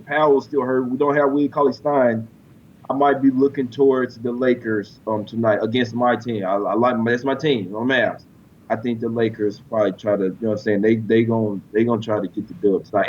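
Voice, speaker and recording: A man's voice: medium pitch, far from the mic, dull audio, slight background noise. A man hosting a sports betting show, talking loose and slangy with plenty of fillers. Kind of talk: casual betting talk.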